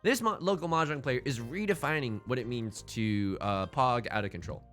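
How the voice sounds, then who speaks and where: A man's voice: medium pitch, moderate pace, fairly bright tone, faint music behind, pitched below the performer's own voice, close to an everyday voice. A man putting on a hammy newsreader voice, playing a mock British TV news reporter. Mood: mock-serious. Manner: hammy newsreader delivery, self-mocking.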